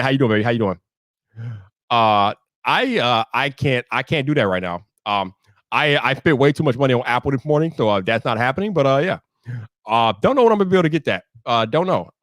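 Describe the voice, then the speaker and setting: A man's voice: medium pitch, no echo, clean studio sound. A man hosting his own livestream, talking bluntly to viewers in a casual, repetitive way with slang and many restarts. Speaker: livestream host.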